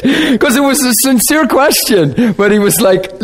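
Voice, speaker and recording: Brief: high-pitched male preacher, casual teaching tone, quick to laugh, keeps asking the room if they follow. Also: sing-song. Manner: conversational, checks in with the class, laughs often. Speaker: pastor. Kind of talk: sermon teaching. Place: warm classroom or church hall.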